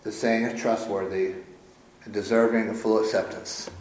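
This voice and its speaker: A man's voice: fairly low pitch, level tone, normal speed, a little mellow, slight background noise. A man preaching a sermon as pastor, stressing points by repeating phrases. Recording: roomy echo.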